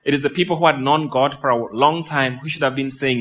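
A man preaching a sermon as pastor, lively and full of questions to the congregation, while his voice is wearing out. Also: mid-range voice, a little fast. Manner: lively, asks the crowd questions, laughs. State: losing his voice.

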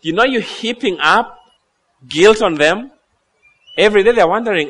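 A man preaching a sermon, animated, telling stories and laughing at his own jokes. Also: high voice, normal speed. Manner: acts out quoted voices in asides. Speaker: pastor.

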